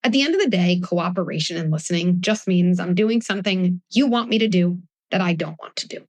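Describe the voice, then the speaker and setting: A parenting expert in her forties speaks before a live audience, animated and acting out little scenes with her children in changing voices. Her voice sits on the low side and moves a little fast, with no echo.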